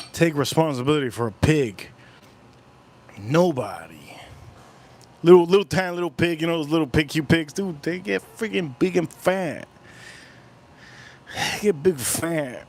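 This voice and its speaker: A man hosting a casual livestream, rambling through stories, swearing casually and repeating himself as he talks. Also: fairly high pitch. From United States. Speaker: whiskey livestream host.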